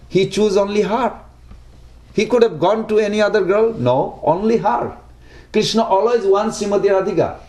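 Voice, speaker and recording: Animated man preaching in an echoey room. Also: high-pitched. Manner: non-native English, simple broken phrasing, animated rhetorical questions. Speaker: devotional speaker. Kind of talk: devotional talk to a small group.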